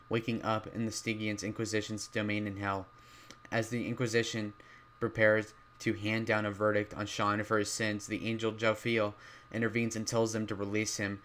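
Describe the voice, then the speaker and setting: A man reviewing horror films in a loud, rambling way, full of fillers and restarts, his voice strained from talking loudly. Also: fairly low pitch, a little hiss or hum. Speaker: movie reviewer. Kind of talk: casual spoken film review.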